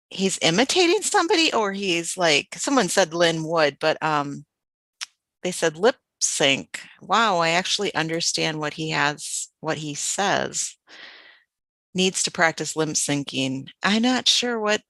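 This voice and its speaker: A woman's voice: on the low side, bright, forceful tone, no echo. A woman hosting a livestream, chatting casually and giggling as she introduces clips. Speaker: livestream host.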